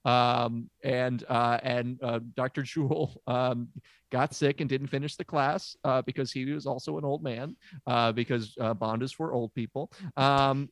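A man's voice: mid-range voice, fairly even intonation, measured pace, no echo. Hesitant man playing a mock therapist. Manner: hesitant, full of uh and um, self-deprecating. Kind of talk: improvised comedy. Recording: dry close studio sound.

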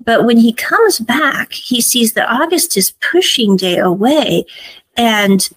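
A woman's voice: on the high side, expressive, takes it slowly, a bit bright, a little hiss or hum, rough recording. A woman hosting a podcast, recapping a series episode in a chatty, opinionated way. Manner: chatty and opinionated, full of "I'm like". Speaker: podcast host.

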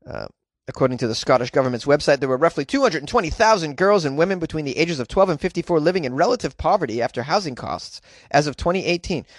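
A man's voice: a little high, lively intonation, fast talker, no room sound, studio quality. A man hosting a podcast, reading news stories aloud and riffing on them with sarcastic, rambling asides and casual swearing. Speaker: podcast host.

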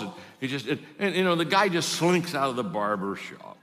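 A man's voice: medium pitch, very animated, a little fast, fairly bright tone, big-room sound. Stammering man telling a sermon story. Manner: stammering repeats, chatty asides. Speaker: speaker.

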